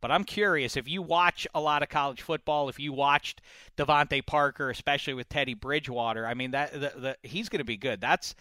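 A man's voice: medium pitch, brisk, bright, forceful tone, no room sound. A man hosting a sports radio show in casual chat, joking and bantering with his co-hosts.

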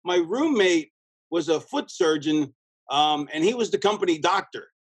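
A man with a husky, slightly raised voice rambles through a backstage story as a guest, restarting sentences and acting out quoted lines. He sounds close and dry, with no room around him. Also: fairly high pitch, normal speed, dry recording, poor audio. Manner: rambling, animated, lots of restarts and quoted dialogue. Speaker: guest, former pro wrestler. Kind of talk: casual storytelling in an interview.

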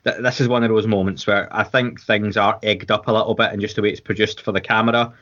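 A Scottish man with a lowish voice chats casually as a podcast co-host, rambling along with restarts and plenty of fillers. The audio is a little dull and lo-fi. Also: little pitch movement, fast, a bit bright. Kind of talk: casual watchalong chat.

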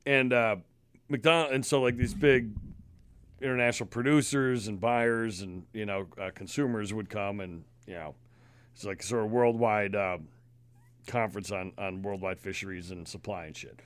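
A man co-hosting a podcast, telling stories in a casual, profane, animated way. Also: on the low side, moderate pace, smooth. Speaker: podcast co-host. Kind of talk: casual chat, storytelling.

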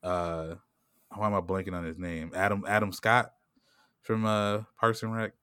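A man's voice: lowish voice, little pitch movement, fairly bright tone, clear, resonant tone, no room sound, studio quality. A man talking in casual podcast chat, rambling with lots of fillers and laughing often. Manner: rambling, heavy "like" and "you know what I'm saying"; laughs often and puts on quick voices when quoting people.

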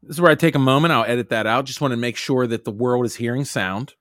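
A man's voice: mid-range voice, fast talker, a bit bright, no room sound, clean studio sound. A man hosting a casual podcast from home, loose and jokey, saying "dude" all the time. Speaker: podcast host.

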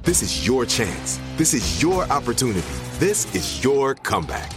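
A man reads an emphatic, slowly paced ad with a lively rise and fall in pitch. Music plays clearly underneath. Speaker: ad announcer. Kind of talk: slow, emphatic scripted ad read.

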